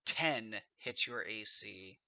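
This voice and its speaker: A man acting as game master of a tabletop game, unhurried and pausing to check his notes. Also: fairly low pitch, expressive, gravelly, bright, forceful tone, dry recording.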